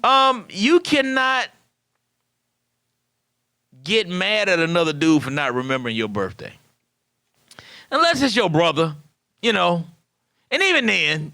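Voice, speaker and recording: A man in his thirties hosting a comedic podcast monologue, acting out quoted dialogue in an animated way. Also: a little high, no room sound. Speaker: podcast host.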